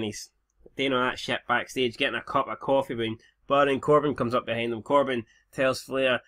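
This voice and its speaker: A young Scottish man commenting casually on a game, swearing freely and joking with his viewers. His voice is bright and forward. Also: mid-range voice, fairly even intonation, a little fast. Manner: sweary, laid-back banter. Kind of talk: casual let's-play commentary.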